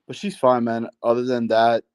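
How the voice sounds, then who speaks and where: A man's voice: mid-range voice, little pitch movement, normal speed, smooth, no room sound. A young man, a guest on a casual live stream, chatting in an easygoing way. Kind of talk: casual chat.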